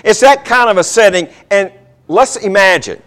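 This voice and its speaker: A man's voice: high-pitched, expressive, normal speed, a bit bright. A man preaching a sermon, telling a Bible story dramatically and acting out the characters.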